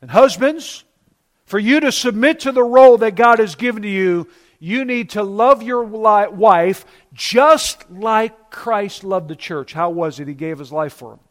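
High-voiced man preaching with emphasis. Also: lively intonation, a bit bright. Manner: emphatic preaching, slowing down to stress key words. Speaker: pastor. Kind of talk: sermon.

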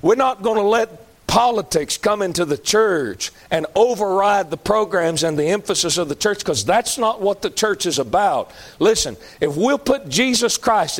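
A male pastor preaching a folksy sermon that climbs to shouting. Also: high-pitched.

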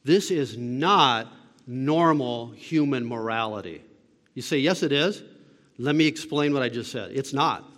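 A man's voice: medium pitch, unhurried, fairly bright tone, in a large hall. A man preaching a sermon as a pastor, emphatic and asking the listeners rhetorical questions.

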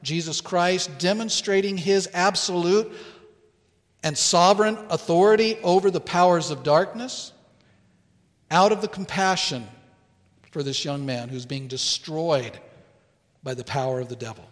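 A man preaching a sermon as pastor in a church, earnest and deliberate, pausing to stress key words. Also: sits high, long reverb tail. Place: church sanctuary.

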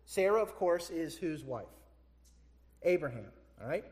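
A man preaching a sermon, animated, firing rhetorical questions at his congregation. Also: on the high side, measured pace. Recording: echoey hall.

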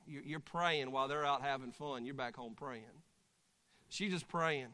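A man preaching a sermon, staging a live acted illustration with congregation members and breaking into shouted voices of the story's figures. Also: a little high, normal speed, clear, resonant tone. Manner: animated, acts out voices and shouts during the story. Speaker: pastor. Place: church sanctuary. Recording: long church hall reverb.

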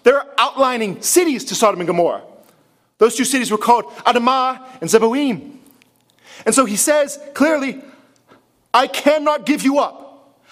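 A male pastor with a very high-pitched voice preaches passionately to a congregation at normal speed. He's animated and keeps firing off rhetorical questions.

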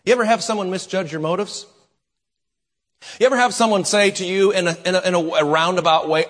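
A man preaching a sermon as pastor, with dramatic pauses and shifting volume. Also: high-pitched, fairly bright tone. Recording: long hall reverb.

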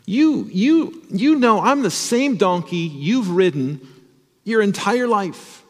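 A man voicing a bewildered male talking donkey that pleads with his rider in a high voice. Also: animated, slow, in a large hall, heavily acted. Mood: pleading.

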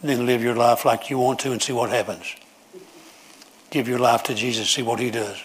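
A man's voice: mid-range voice, fairly even intonation, normal speed, slightly rough. A man preaching a sermon, emphatic and repetitive as he pleads with his congregation.

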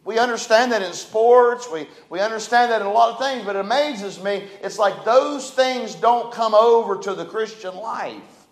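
A man preaching a sermon, his voice sitting high for a man. He talks in a folksy way, rising loud and falling quiet. The sound rings around a roomy church sanctuary. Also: normal speed. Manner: folksy, dynamic preaching with big swings in loudness. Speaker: pastor. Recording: echoey church room.

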